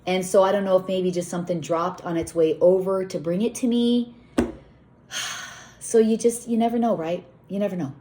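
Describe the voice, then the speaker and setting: Her medium-pitched voice is mellow with fairly even intonation and a moderate pace, and there's a little hiss or hum in the audio. A middle-aged farm owner and vlogger, she gives a casual, rambling outdoor tour in the cold and often talks to her animals.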